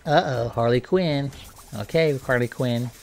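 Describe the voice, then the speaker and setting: A man's voice: mid-range voice, measured pace, a little mellow, faint music behind. A man casually commentating a video game, joking and talking playfully to the characters. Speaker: gameplay commentator.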